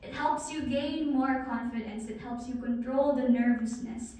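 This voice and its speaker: A woman's voice: high-pitched, steady tone, moderate pace, dark tone. A woman giving a guest talk on presentation skills, coaching the audience and speaking straight to them in a large hall. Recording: very echoey hall, far from the mic.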